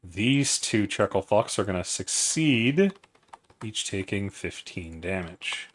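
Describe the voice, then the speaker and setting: Slow, low-voiced male game master. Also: expressive. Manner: measured, matter-of-fact, profane. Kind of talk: narrating a tabletop game.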